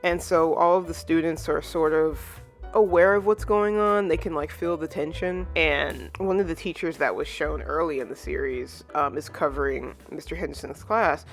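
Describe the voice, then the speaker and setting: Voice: mid-range voice, moderate pace, faint music behind. Rambling casual manga recapper. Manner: rambling, full of "you know" and "like" fillers; acts out characters' lines when retelling. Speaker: manga reviewer.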